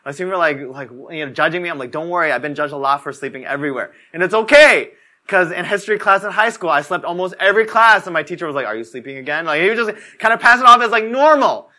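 High, bright-voiced young man preaching. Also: expressive, fast talker. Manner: casual storytelling, fills talk with "like". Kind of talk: conversational sermon.

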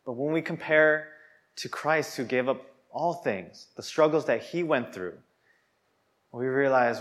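Young guy preaching, earnest and chatty, trips over his words a lot, average pitch. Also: a little slow, fairly bright tone. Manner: earnest, conversational with many restarts. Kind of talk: sermon.

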